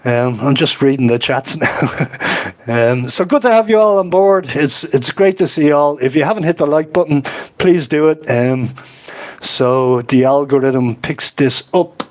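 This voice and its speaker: A man's voice: mid-range voice, measured pace. A man with an Irish accent, hosting a casual livestream and chatting loosely as he reads comments aloud, rambling and laughing often. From Ireland. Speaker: livestream host.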